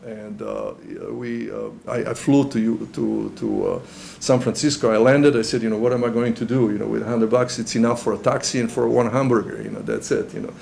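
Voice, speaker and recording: A middle-aged man speaks English in an earnest, stop-and-start way, looping back over his words as he tells his own story. His voice is gravelly with plenty of fry, at an ordinary middle pitch. A faint hum of noise sits under it. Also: darkish tone. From Serbia. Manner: halting, many restarts, earnest. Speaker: interviewee. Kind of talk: personal testimony.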